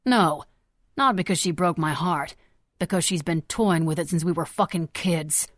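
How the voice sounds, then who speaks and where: A woman's voice: on the low side, moderate pace, no echo, close to an everyday voice. A jittery young armed villain, voiced by a woman narrator for an audiobook. He snarls crude threats with menace. The sound is dry and close. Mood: menacing.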